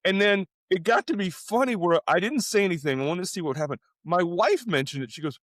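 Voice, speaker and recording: A man co-hosting a casual podcast, telling stories in an animated way, often stumbling over and repeating his words. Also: high voice, fairly quick, few pauses, no echo, clean studio sound. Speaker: podcast co-host. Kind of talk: casual conversational podcast chat.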